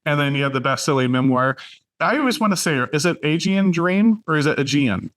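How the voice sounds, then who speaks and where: A man hosting a casual podcast chat, loose and chatty, laughing often and filling pauses with "um". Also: a little high, lively intonation, fairly bright tone. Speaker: podcast host.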